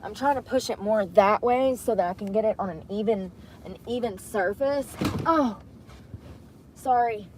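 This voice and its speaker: A young woman, chatting casually to camera from inside a vehicle, often dropping to soft mutters. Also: mid-range voice, moderate pace, slight background noise. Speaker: vlogger. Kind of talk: casual vlog talk to camera. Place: inside a vehicle bed at night.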